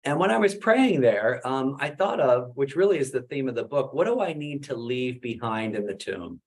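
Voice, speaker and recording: A middle-aged man, a Jesuit priest, giving a conversational webinar talk about his book, full of "uh" fillers and animated questions. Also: mid-range voice, normal speed.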